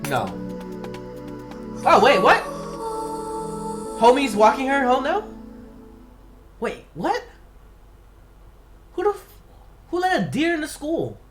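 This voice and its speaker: Excitable man reacting over music. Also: very high-pitched. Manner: excitable outbursts, then reads a fan theory aloud haltingly. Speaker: YouTube reactor. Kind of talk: casual reaction commentary. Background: music video playing clearly.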